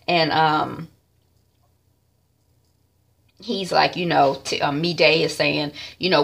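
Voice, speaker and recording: A woman recapping a TV episode in a loose, chatty way, leaning heavily on fillers. Her voice sits low, with a gravelly, husky texture. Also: fairly even intonation, measured pace, a bit bright. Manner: chatty, rambling, frequent fillers. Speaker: TV series reviewer.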